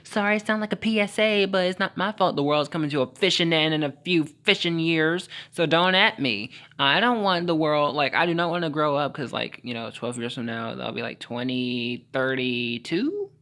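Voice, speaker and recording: A man's voice: a little high, animated, normal speed, few pauses, bright, forceful tone. Sassy, rambling young man with caffeine jitters. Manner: sassy, rambling, heavy use of "like" and "honey"; jittery and over-caffeinated, stumbling over words. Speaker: solo podcaster. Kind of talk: late-night solo podcast rant.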